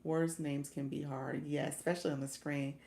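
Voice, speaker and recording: Woman livestream coach, low gravelly voice, chatty and laugh-prone, echoey room. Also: level tone, normal speed, a little mellow. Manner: chatty, laughs often, thanks viewers by name. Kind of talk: casual livestream talk, reading chat.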